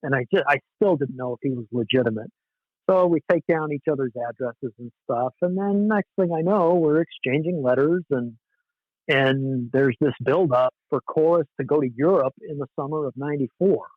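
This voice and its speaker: A man's voice: a little high, moderate pace, no room sound. A man in his forties from Southern California, telling stories as a podcast guest in a laid-back, self-mocking way. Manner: laid-back, anecdotal, often laughs at himself. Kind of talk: casual storytelling in a podcast interview. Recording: dull, dry lo-fi podcast audio.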